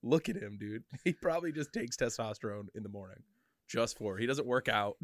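A man of middle pitch, trading crude jokes in loose banter and laughing through his stories. His voice is recorded close and dry. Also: brisk, no echo. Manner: joking, profane, giggly.

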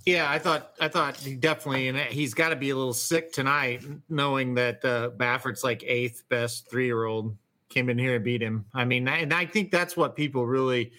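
A man's voice: mid-range voice, fairly even intonation, moderate pace, bright, forceful tone. A man co-hosting a racing podcast, chatting in a wry, blunt, joking way. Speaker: podcast co-host. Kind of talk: casual chat.

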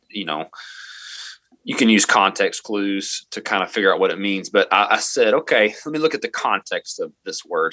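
A fairly low-pitched man with a bright, forceful tone tells a story from his teaching work as an interview guest. He speaks earnestly and keeps quoting himself and others along the way. The recording is dry and close. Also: no room sound. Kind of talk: personal story in a podcast interview.

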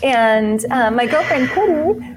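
Upbeat higher-voiced woman in her thirties. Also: expressive, noisy background. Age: 30s. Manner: upbeat, candid, speaks in quick bursts with trailing restarts. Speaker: guest. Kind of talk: casual interview conversation.

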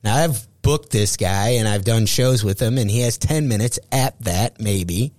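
A man's voice: on the low side, measured pace, dry recording. A middle-aged man, a stand-up comedian, telling stories in a casual podcast chat, swearing often and acting out what people said. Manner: profane, animated storyteller acting out quotes.

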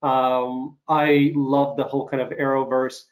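A man hosting an interview show, recovering from an illness and coughing now and then, speaking haltingly with many fillers and restarts. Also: medium pitch, level tone. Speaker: talk show host. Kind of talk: casual interview chat.

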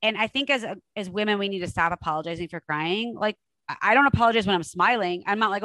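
A woman's voice: mid-range voice, expressive, fast talker, pushed and bright, no room sound, poor audio. A middle-aged woman hosting a podcast interview, speaking directly and emphatically, encouraging her guest. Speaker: podcast host. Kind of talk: interview conversation.

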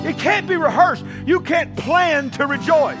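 High-voiced man preaching a shouting sermon. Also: a little slow, over loud music. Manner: preaching with call-and-response, shouting often. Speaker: pastor. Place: church.

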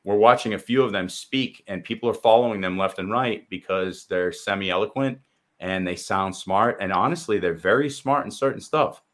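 A man co-hosting a heated online talk show, blunt and impassioned, swearing freely and mimicking others in quick quoted asides. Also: on the low side, a bit bright. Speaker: co-host. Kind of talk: heated casual discussion.

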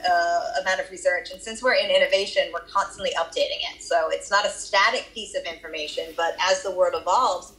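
A woman's voice: mid-range voice, a bit bright, rough recording. A woman with a Boston accent answering interview questions about her research, explaining at length with occasional fillers. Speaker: research guest.

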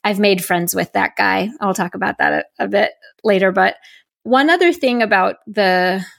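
A woman's voice: medium pitch, normal speed, vocal fry, no room sound, clean studio sound. A woman podcast host, recounting a personal experience in a reflective, storytelling way and voicing her own thoughts as quotes.

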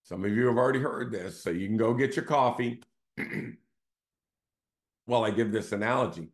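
A man's voice: fairly low pitch, moderate pace. A man hosting his own show, talking in a casual, conversational storytelling way and often checking in with his listeners. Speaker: real estate team CEO hosting a show.

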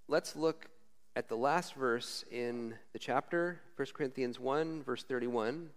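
A man preaching a casual, conversational sermon as a former missionary, frank and informal, often tagging lines with "right?". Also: mid-range voice.

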